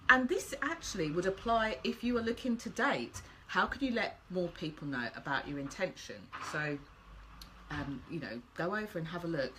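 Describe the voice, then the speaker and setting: A woman's voice: on the low side, pushed and bright, slight background noise, poor audio. A woman host giving a chatty, encouraging motivational talk to her viewers.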